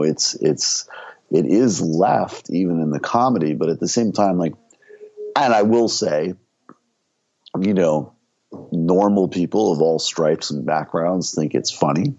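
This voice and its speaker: A man's voice: rumbling low, darkish tone, dry recording, dull audio. A man being interviewed on a podcast, talking in rambling bursts with many restarts and laughing at his own jokes. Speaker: comedian and political show host, guest.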